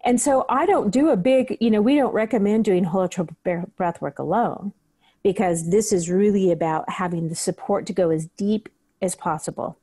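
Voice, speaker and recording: Woman guest, breathwork teacher, earnest conversational delivery with a warm, dark tone. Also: medium pitch, normal speed, breathy edge. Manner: earnest, acts out her own inner questions. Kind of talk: conversational interview.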